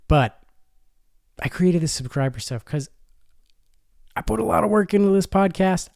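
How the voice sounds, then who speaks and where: A man's voice: medium pitch, darkish tone, clean tone, no echo, studio quality. A man hosting a fan podcast alone, talking casually and rambling, calling his listeners folks. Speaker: podcast host. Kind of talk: casual solo podcast talk.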